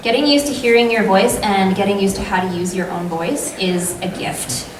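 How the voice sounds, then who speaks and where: A woman's voice: medium pitch, steady tone, normal speed, background noise. A woman voice actor on a convention panel, chatting about her craft and giving practical tips. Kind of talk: panel talk. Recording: echoey hall, mic from far off.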